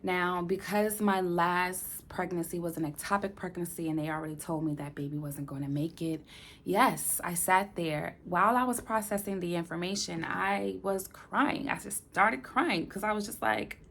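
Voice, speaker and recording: A young adult woman giving a personal vlog update to her viewers. She speaks with feeling, dropping to soft near-whispers and then rising into emphatic bursts. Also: fairly low pitch, normal speed. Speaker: vlogger. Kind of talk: personal update talking to camera.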